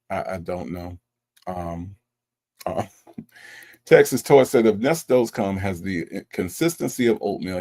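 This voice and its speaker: A man hosting a live stream, chatting casually and teasing his chat with an animated delivery. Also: deep voice. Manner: animated, teasing, mocks chat with exaggerated voices. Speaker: livestream host.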